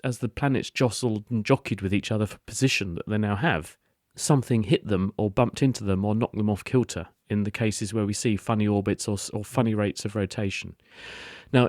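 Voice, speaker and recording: A man's voice: lowish voice, a little mellow, dry recording, clean studio sound. A man on a radio phone-in answering listener questions, explaining science step by step with everyday analogies.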